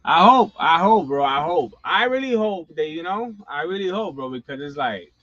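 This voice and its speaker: A man's voice: fairly high pitch, expressive, moderate pace, fairly bright tone, no room sound, soft background music. A middle-aged man hosting a wrestling channel, ranting casually and profanely with lots of slang asides. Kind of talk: casual live-stream rant. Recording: dull lo-fi sound.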